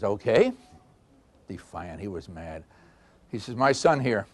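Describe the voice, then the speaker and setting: An older man giving a customer service seminar, telling stories with acted-out dialogue and frequent laughter. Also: medium pitch. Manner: animated storyteller, acts out dialogue, laughs often. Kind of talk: storytelling seminar talk.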